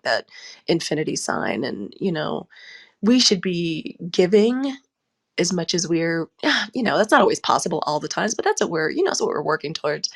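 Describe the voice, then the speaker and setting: Casting: woman tarot host, lowish gravelly voice, chatty, laughs often, calls the audience y'all. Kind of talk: live audio tarot session chat.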